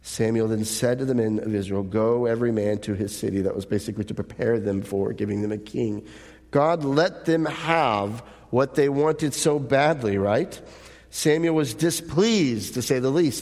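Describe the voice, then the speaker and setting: A man's voice: medium pitch, normal speed, darkish tone. Man preaching in an echoing hall. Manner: earnest preaching with rhetorical questions, occasional light laughs. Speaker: pastor. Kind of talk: sermon.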